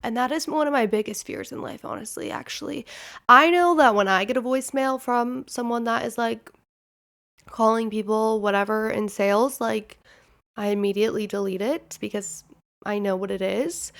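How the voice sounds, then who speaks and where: Gravelly-voiced Midwestern woman, rambling. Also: fairly high pitch, normal speed, a bit bright. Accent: Midwestern American. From Nebraska. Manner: rambling, candid storytelling with frequent "like". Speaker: podcast host. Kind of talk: casual chat.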